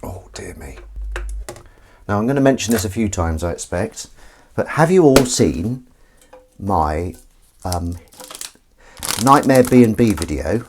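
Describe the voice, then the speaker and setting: A man hosts a casual live stream from his kitchen, his fairly low voice animated but a little slow, with long pauses and a noisy background. He rambles, cuts himself off mid-sentence, and swears casually, while faint running water and sink sounds carry in the background.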